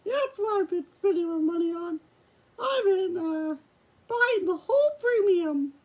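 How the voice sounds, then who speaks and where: A woman's voice: very high-pitched, lively intonation, unhurried, a little mellow. A young woman doing a sheepish, stammering puppet son. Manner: hesitant, stumbling with fillers. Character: hesitant grown son of the mouse dad, sheepish. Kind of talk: homemade puppet show.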